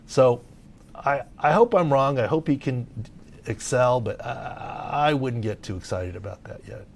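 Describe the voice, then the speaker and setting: Here the middle-aged Southern California sports medicine analyst sounds gravelly, talking a little slowly at medium pitch over slight background noise. He stays casual and animated on the podcast, leaning on filler words.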